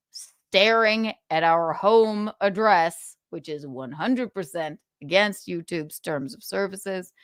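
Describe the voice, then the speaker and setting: A woman's voice: on the low side, a bit bright, clean tone, no echo, clean studio sound. A woman hosting a livestream, ranting in a sarcastic, profane way and laughing between jabs. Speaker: livestream host.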